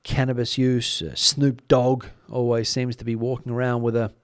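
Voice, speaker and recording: A man's voice: medium pitch, normal speed, smooth, dry recording, clean studio sound. Rambling middle-aged Australian man, live-streaming. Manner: relaxed, rambling, many fillers and restarts. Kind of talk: casual live-stream chat reading comments.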